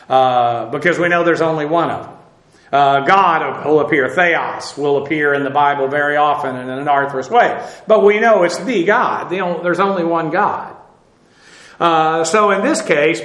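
A man teaching a Bible lesson, explaining Greek words in a halting way full of fillers. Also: fairly high pitch, a bit bright, echoey room.

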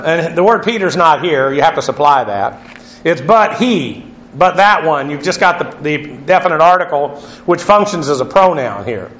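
A man's voice: on the high side, fairly bright tone, echoey room. A man teaching a Bible lesson on Greek word meanings, spelling words out letter by letter with frequent fillers.

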